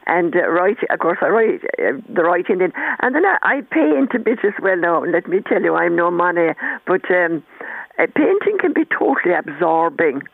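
A woman's voice: on the low side, big pitch swings, moderate pace, vocal fry, no echo. Older woman chatting over a phone line. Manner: chatty, rambling, warm storyteller with frequent restarts. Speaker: author guest. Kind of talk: storytelling in a radio interview.

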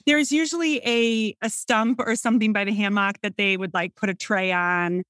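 A middle-aged woman with a Midwestern American accent chats in a lively, storytelling way. Her voice sits at an ordinary pitch for a woman. It is recorded close and dry, with almost no room sound. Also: normal speed, smooth, dry recording. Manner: chatty, animated storytelling. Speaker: cookbook author guest. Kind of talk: casual conversation.

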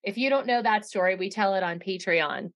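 A woman's voice: medium pitch, fairly quick, a bit bright. A young adult woman co-hosting a podcast, chatting casually with blunt remarks, swearing and laughing often. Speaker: podcast co-host. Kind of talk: casual recap chat.

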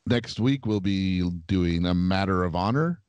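Low-voiced podcast co-host man. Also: unhurried, darkish tone, smooth, no echo, highs cut off. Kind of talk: casual chat.

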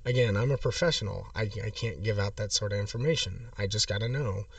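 A man voicing an evasive, oddly formal hotel guest who calls himself a professional, prank-calling the front desk in a slow, halting voice. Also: fairly low pitch, vocal fry, no room sound, recorded from a distance. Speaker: prank caller.

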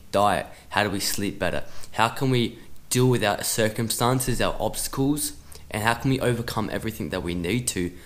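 A man hosting a soccer podcast, giving direct motivational advice and acting out short conversations with a coach. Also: fairly low pitch. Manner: direct, coaching tone, acts out dialogue.

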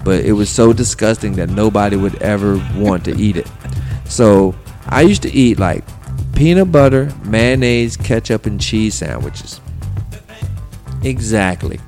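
A man's voice: fairly low pitch, animated, unhurried, music in the background. A man hosting a casual interview, telling stories in a loose, profane way. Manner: profane, laughing storyteller. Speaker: podcast host.

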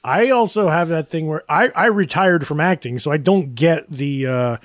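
Guy on a podcast, bit higher voice, dry close sound, rambles and laughs at himself. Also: normal speed, no echo. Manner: rambling, self-deprecating, laughs often. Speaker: podcast co-host. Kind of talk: casual chat.

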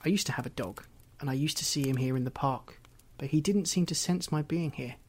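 A man reading as the ghost of a murdered woman, telling her story quietly and wryly. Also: a little high, a little fast. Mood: wistful. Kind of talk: audiobook reading.

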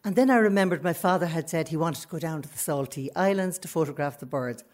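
An Irish woman telling a frank, animated personal story on stage, laughing often as she goes. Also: sits low, quick pace. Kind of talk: live storytelling to an audience.

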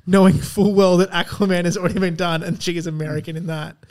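Male podcast co-host, high voice, sweary and quick to laugh. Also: fairly even intonation, a little mellow. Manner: swears a lot, laughs often. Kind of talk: casual chat.

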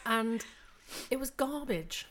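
A woman's voice: fairly high pitch, expressive, slow, fairly bright tone. Dry-witted English woman, podcast guest. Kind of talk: casual chat.

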